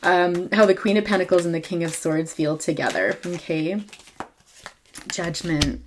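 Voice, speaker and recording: A woman with a low voice gives a casual tarot reading to camera. She talks in a halting way, with many ums and quick self-corrections. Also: noisy background. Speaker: tarot reader.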